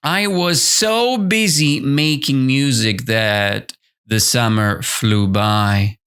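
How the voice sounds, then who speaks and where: A man whose first language is Russian, hosting an English-learning podcast and chatting his way through a storybook lesson with animated, self-correcting explanations. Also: mid-range voice, slow pace, smooth. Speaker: English teacher, podcast host.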